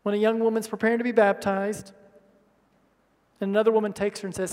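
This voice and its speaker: A male pastor delivers a sermon with passion, rising into loud, emphatic bursts and then dropping to hushed asides. His voice sits very high for a man. A long reverb hangs behind every line, as in a large church sanctuary. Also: flat delivery, fast, pauses often.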